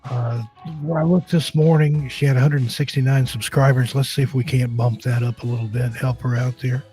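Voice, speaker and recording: A man's voice: mid-range voice, steady tone, fairly quick, warm tone, faint music behind. A man hosting a casual live-stream chat show, joking and rambling with a slightly scratchy throat. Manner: easygoing, joking, rambling with restarts. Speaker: podcast host.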